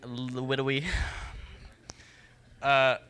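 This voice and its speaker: A man leading a Bible study for a group, reading verses and explaining them in a relaxed, joking way, talking straight to his listeners. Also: medium pitch, extremely slow, clear, resonant tone. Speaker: youth Bible study leader. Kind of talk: casual Bible teaching talk.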